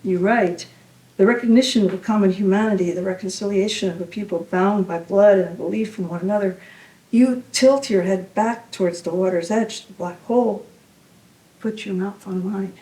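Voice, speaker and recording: A woman's voice: medium pitch, normal speed, warm tone. Roomy, distant woman reading poetry. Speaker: poet. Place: university reading venue.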